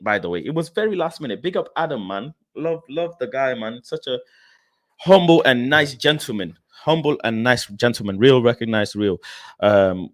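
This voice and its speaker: Young man, streamer reading chat, excitable and chatty, mid-range voice, dry close mic. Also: medium pitch, no room sound. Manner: animated, expressive, laughs often, addresses viewers by name. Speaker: livestream host reading chat. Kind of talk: casual livestream chat.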